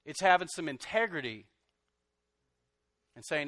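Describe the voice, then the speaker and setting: A middle-aged pastor preaches in an animated way, bursting out loudly and then dropping to soft, confessional tones. His voice sits a little high for a man. The recording is dry and close, with little room sound. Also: normal speed, dry recording. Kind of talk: sermon.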